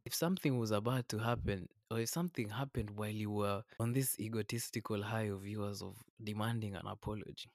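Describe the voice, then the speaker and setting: A man's voice: fairly low pitch, fairly quick, hardly any pauses, no echo, clean studio sound. A man hosting a podcast, talking earnestly and a little preachily, often calling the listener man or brother. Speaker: podcast host. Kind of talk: reflective podcast monologue. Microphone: podcast microphone.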